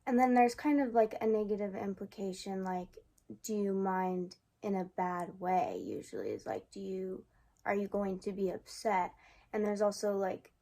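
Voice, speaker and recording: A woman's voice: mid-range voice, gravelly, dark tone. A young woman talking casually to her camera in a vlog, rambling and musing, sometimes exasperated. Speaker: vlogger.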